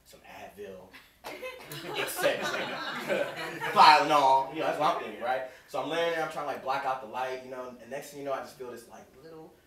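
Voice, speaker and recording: Guy doing stand-up in a club, fast lively storytelling, roomy distant sound, crowd laughing. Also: medium pitch. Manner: animated storytelling, acts out voices. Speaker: stand-up comedian. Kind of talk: stand-up comedy set. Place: comedy club stage. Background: audience laughing.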